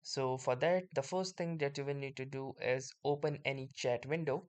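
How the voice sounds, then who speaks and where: A man narrates a screen-recorded software tutorial in a steady, explanatory way. His voice is smooth and clear, sitting at an ordinary middle pitch, and he starts many sentences with "so". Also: normal speed. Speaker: tutorial host.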